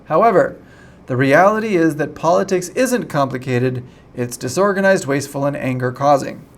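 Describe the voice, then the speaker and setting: A man's voice: a little high, expressive, normal speed. A young man teaching an online English lesson in a chatty way, often checking in with "right?".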